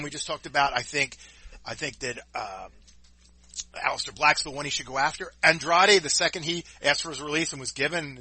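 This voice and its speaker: A man's voice: medium pitch, bright, forceful tone, slightly rough, dry recording. A man co-hosting a podcast, talking in a blunt, casual way and swearing freely. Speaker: podcast co-host. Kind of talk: casual wrestling talk.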